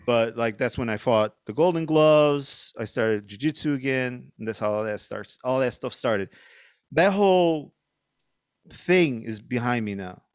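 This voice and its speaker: A man's voice: medium pitch, expressive, measured pace, clear, resonant tone, no echo, clean studio sound. A middle-aged man, a podcast guest, telling a story casually with lots of fillers and swearing. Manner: rambling, profane, lots of fillers.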